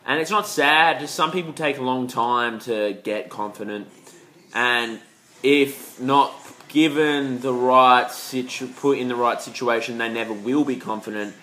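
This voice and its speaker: A man's voice: mid-range voice, unhurried, pushed and bright. A young man, vlogging in a rambling, profane, slang-heavy way. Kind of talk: casual rambling vlog.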